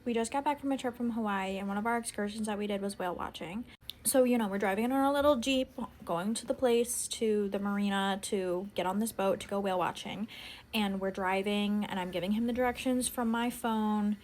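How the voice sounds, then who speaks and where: A woman's voice: mid-range voice, fairly quick, a little mellow, slight background noise. Young woman, casual storytime vlogger, chatty and exasperated, lots of fillers.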